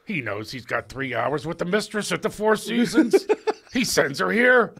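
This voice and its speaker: Give me a man impersonating a catty male acting coach whispering mean asides, gravelly and pitched up. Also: lively intonation, moderate pace, a bit bright, exaggerated voice. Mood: mocking. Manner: catty, sing-song mockery.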